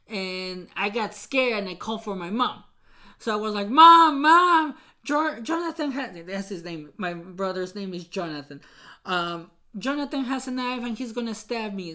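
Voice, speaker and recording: A woman hosting a podcast who tells a painful personal story, halting and repeating herself, with many fillers. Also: mid-range voice, fairly bright tone. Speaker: podcast host.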